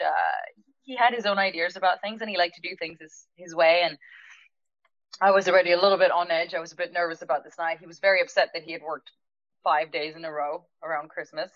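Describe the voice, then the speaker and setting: A woman with a fairly low voice tells a story from her working life, bringing each quoted line to life. She laughs often as she goes. The sound is dry and a little dull. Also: no room sound. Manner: lively, laughs often, acts out quoted dialogue. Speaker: restaurant owner telling a story. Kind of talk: anecdotal storytelling on a podcast.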